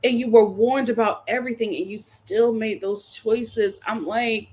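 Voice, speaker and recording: With a high, darkish voice, steady tone, and unhurried pace with few pauses, this woman delivers a dramatic solo reality TV recap. She is blunt and sassy, performing quotes in different voices.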